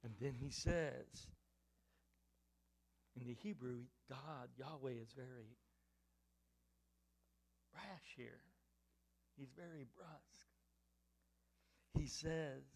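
A man preaching a sermon, firing rhetorical questions and swinging between loud emphatic lines and hushed ones. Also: mid-range voice, slow pace, creaky, long pauses.

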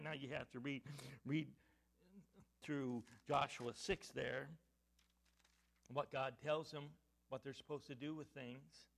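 A man preaching a sermon, firing rhetorical questions and swinging between loud emphatic lines and hushed ones. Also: medium pitch, steady tone, slow, gravelly, long pauses.

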